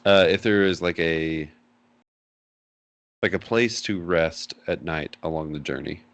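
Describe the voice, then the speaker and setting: A man's voice: low voice, unhurried, a bit bright, no room sound. A man playing in a tabletop game, speaking hesitantly and with many fillers. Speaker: player. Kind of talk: casual tabletop play.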